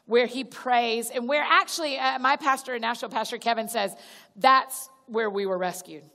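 A woman with a somewhat high voice gives a chatty sermon to a church crowd, calling them y'all and acting out small prayers in a natural way. Her voice carries a long reverb from a large church auditorium. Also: normal speed, vocal fry, sharp tone. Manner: chatty, direct, addresses listeners as y'all; restarts sentences and acts out little prayers. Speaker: guest speaker at a church gathering. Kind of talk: conversational sermon.

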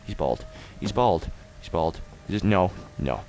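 A young man commentating his gameplay in a goofy, excitable way, swearing freely and chatting to viewers. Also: sits low, unhurried, vocal fry, slight background noise. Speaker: let's play host.

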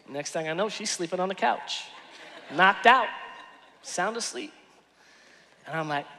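Animated pastor preaching in a reverberant hall. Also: male voice, high voice, unhurried, pauses often, slight background noise. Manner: animated storytelling, swings from hushed to shouting. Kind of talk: sermon. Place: large church hall.

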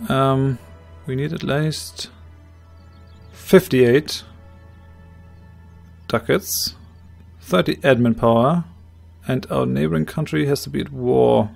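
A man with a slightly hoarse voice calmly explaining his moves, thinking aloud in a strategy game let's play. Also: medium pitch, a little slow, faint music behind. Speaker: game commentator.

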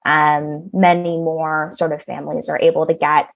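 A woman's voice: low voice, little pitch movement, normal speed, gravelly. A woman company co-founder speaking as a podcast guest, earnest, with frequent fillers and restarts. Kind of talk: podcast interview.

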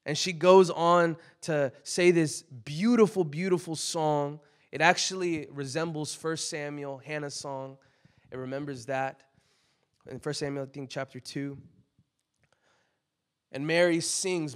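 A young male preacher with a slightly high voice talks to his congregation in a relaxed, chatty way. He leans on filler words, then swells into loud, emphatic bursts on his key points. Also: a little slow. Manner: conversational, many "like" fillers, rising to loud emphatic peaks. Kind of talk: casual sermon.

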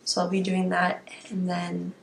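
A woman with a raspy voice, chatting candidly to her viewers in a casual video diary. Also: fairly low pitch, monotone, unhurried, echoey room, a little hiss or hum. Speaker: vlogger.

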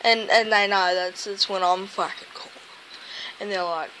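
A just-woken woman rambles casually on a vlog from her window-side spot at home, drowsy, complaining, and swearing almost every sentence. Her mid-range voice is bright and forceful, steady in tone at normal speed, captured in a low-quality recording with slight background noise.

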